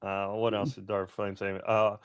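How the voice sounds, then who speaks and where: A man's voice: fairly low pitch, normal speed, clear, resonant tone. A man co-hosting a gaming podcast, chatting casually and reading viewer comments with plenty of "uh"s. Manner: relaxed, reads viewer comments aloud with fillers. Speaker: podcast co-host. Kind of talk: casual chat.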